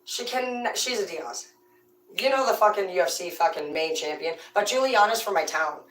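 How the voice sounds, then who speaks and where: A woman's voice: medium pitch, normal speed, recorded from a distance. Foul-mouthed rambling woman storyteller. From rural farm upbringing. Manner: profane, rambling, animated. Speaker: streamer telling stories. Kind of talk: casual comedic storytelling. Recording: roomy, away from the mic.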